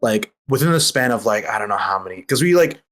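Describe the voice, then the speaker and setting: A man's voice: on the low side, lively intonation, fast, fairly bright tone. A young man telling a story as a guest on a casual podcast, rambling with lots of filler words and slang.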